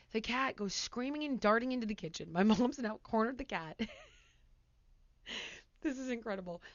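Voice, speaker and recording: A woman talk show host telling a story in a casual, animated way, acting out scenes as she goes. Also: mid-range voice, no room sound, lo-fi sound. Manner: animated, laughs mid-sentence, acts out scenes.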